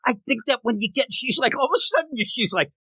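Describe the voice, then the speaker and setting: A man co-hosting a comics podcast in casual chat, animated and laughing often as he acts out quick voices. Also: very high-pitched, husky, no echo, poor audio. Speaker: podcast co-host.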